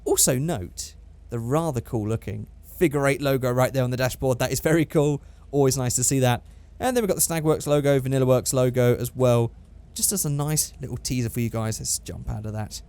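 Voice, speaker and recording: A man's voice: mid-range voice, a little mellow. A young man giving casual, upbeat gameplay commentary, chatting and thinking aloud as he plays. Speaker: gaming YouTuber.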